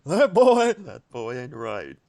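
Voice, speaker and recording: A man doing Hank Hill's low Southern drawl. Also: huge pitch swings, takes it slowly, gravelly, mellow, exaggerated voice. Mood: grumbling. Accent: Southern US, put on. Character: gruff middle-aged cartoon dad with a Southern drawl.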